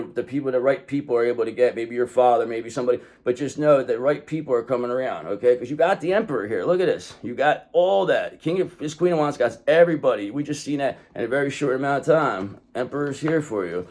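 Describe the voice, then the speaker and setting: A man's voice: medium pitch, fast talker, hardly any pauses, a little mellow. Rambling man giving a casual tarot reading. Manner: rambling, often says "okay"; swears freely. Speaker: tarot reader.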